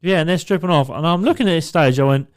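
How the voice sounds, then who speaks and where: A young man on a podcast, telling a swearing, animated anecdote with quoted voices in casual chat. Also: a little high, fast, clear, resonant tone. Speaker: podcast co-host.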